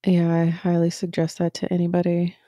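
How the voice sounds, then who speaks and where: A woman's voice: on the low side, completely flat delivery, brisk, warm tone, dry recording, clean studio sound. A woman co-hosting a podcast, speaking in a reflective way and calling herself stoic. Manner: reflective, self-described stoic. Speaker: podcast co-host. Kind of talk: casual podcast conversation.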